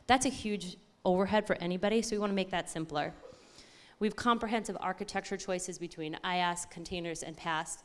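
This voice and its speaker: Woman, conference talk, excited and chatty, slightly low voice, corrects herself mid-sentence. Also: fairly quick. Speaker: conference speaker.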